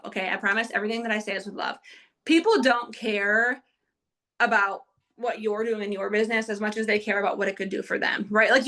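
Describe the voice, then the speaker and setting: A woman runs an upbeat live training session for her sales team. Her voice sits a little high and rings bright and sharp. She talks quickly and chattily, with plenty of fillers. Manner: energetic, fast, chatty, with many fillers. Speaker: network marketing team trainer. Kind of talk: live motivational training talk.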